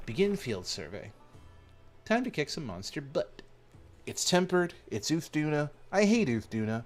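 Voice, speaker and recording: A man commentating casually while live-streaming a game, playful and rambling, with sudden excited yelps. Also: fairly high pitch, moderate pace, faint music behind.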